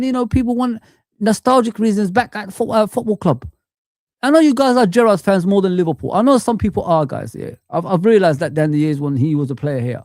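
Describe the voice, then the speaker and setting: A man streaming a frustrated football rant, shouting out viewers and calling them guys and man. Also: sits high, dry recording, studio quality. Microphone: streaming mic.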